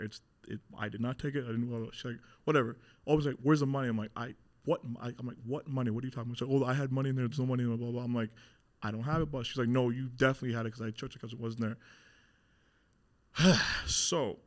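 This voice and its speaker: A young man speaking as a podcast guest, telling a hard personal story in a casual, candid way with lots of fillers and swearing. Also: mid-range voice.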